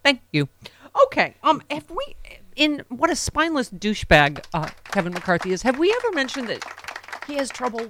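A woman hosting a talk radio show, bantering casually with sarcastic jokes and quick asides. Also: fairly high pitch, big pitch swings, background noise.

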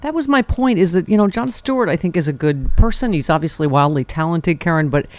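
A woman's voice: fairly low pitch, lively intonation, a little fast, no room sound. A woman hosting a talk radio show, chatting casually and taking calls from listeners. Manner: warm and conversational, takes calls. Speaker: host.

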